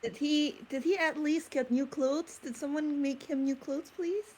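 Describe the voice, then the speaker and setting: A woman's voice: high-pitched, normal speed, slight background noise, poor audio. A woman playing a tabletop role-playing game and narrating her character's actions in casual chat. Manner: animated storytelling with fillers. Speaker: player.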